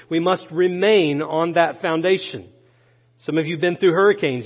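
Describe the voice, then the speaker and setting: A pastor from Florida preaching a sermon, emphatic and repetitive, asking his listeners questions as he goes. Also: fairly high pitch. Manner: emphatic preaching, repeating key phrases and asking the room questions. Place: church sanctuary. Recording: dull church recording with long hall reverb.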